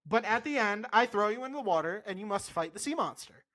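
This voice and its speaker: A man co-hosting a podcast in casual chat, animated and insistent, swearing freely. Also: high voice, fast. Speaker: podcast co-host.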